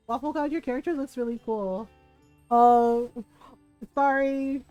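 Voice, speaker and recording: High-voiced chatty woman streamer. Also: unhurried, soft background music. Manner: animated storyteller, laughs often, many "like" fillers. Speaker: game streamer. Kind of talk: casual chat while playing a game.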